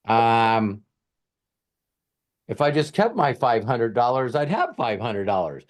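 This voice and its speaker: A man hosting a group coaching session, an animated storyteller who acts out the quotes. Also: mid-range voice, takes it slowly. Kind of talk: motivational group coaching talk.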